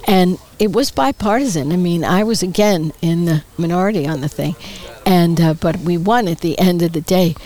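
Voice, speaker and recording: An older woman, a retired politician, chatting as a guest in an interview on an outdoor patio, telling stories with animated quoted voices and frequent laughs. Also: on the low side, moderate pace, poor audio. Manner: lively storyteller, acts out quoted voices, laughs often. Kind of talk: casual interview chat.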